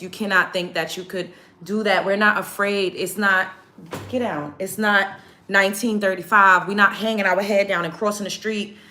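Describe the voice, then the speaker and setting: A woman's voice: mid-range voice, sharp tone. A woman hosting a livestream, retelling events to her chat in a heated, profane, emphatic rant. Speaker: livestream host.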